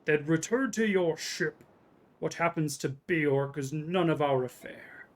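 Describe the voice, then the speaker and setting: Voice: mid-range voice, measured pace, natural voice. Streamer playing a curt, stern border guard. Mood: cold. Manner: curt and commanding. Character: stern male border guard, hostile to outsiders. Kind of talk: reading game dialogue aloud.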